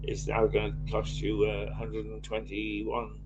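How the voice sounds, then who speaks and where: A man with a croaky voice, co-hosting a casual news review and pausing often with fillers and restarts. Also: lowish voice, completely flat delivery, heavy background noise. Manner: hesitant, many fillers and restarts. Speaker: co-host reading newspaper headlines.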